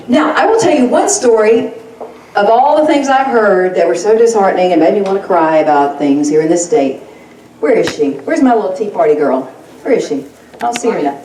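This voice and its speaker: A woman with a warm, mid-range voice delivers a folksy, fired-up political rally speech, laughing often. The recording is echoey and distant, picked up from far off at a rally crowd event with slight background noise.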